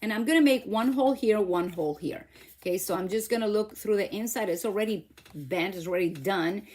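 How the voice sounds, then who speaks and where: A woman's voice: medium pitch, fairly quick, a little mellow. A middle-aged woman hosting a casual crafting demo at home, chatty, laughing at herself and talking to viewers as she works. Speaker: craft channel host.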